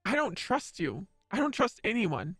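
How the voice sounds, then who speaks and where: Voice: mid-range voice, sing-song, moderate pace, fairly bright tone, breathy edge, dry recording, clean studio sound, soft background music. A streamer voicing a brash, distrustful young man who swears a lot while reading game dialogue aloud. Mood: scornful. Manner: swearing, scornful.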